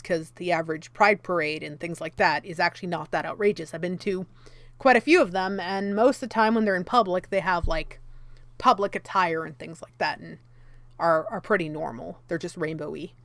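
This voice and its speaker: A woman's voice: on the low side, no room sound. A woman commentary YouTuber reading from an article and reacting in a heated, exasperated way, with many fillers.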